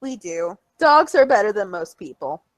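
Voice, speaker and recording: A young woman co-hosting a podcast in casual chat, animated and fond of mimicking voices in squeals and coos. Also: medium pitch, moderate pace, no room sound. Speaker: podcast co-host.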